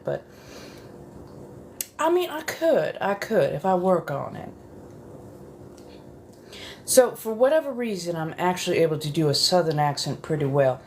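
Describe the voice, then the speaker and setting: A woman with a notably low voice talks in a soft-spoken ASMR manner. She rambles casually and chattily from one thought to the next. A faint hum of room ambience sits behind her. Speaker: ASMR creator.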